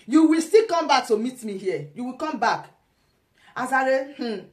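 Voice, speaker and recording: A woman's voice: high voice, lively intonation, slow, echoey room. A woman with a Nigerian accent giving teasing, laughing commentary in casual pidgin.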